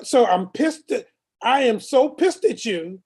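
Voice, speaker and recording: A man speaking up on a group video call, blunt and animated, cursing and repeating himself. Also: extremely high pitch, measured pace, husky. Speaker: call participant. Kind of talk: casual testimony.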